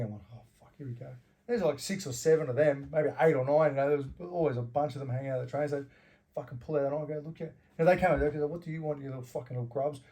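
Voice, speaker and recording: A middle-aged Australian man telling rough stories in casual, profane talk, laughing as he goes. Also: fairly high pitch, dark tone. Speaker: interview guest. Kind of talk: casual storytelling with heavy swearing.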